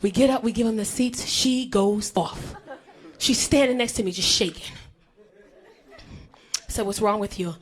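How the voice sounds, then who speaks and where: A woman telling a comic story about her daughter, animated and acting out voices. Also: mid-range voice, normal speed, long pauses, some chatter behind. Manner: animated, acts out her child's voice.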